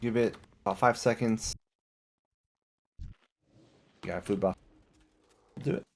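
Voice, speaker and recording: A man leading a game raid, giving brisk, directive callouts to his team. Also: lowish voice, gravelly, slight background noise. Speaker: raid leader. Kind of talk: calling instructions during an online game raid.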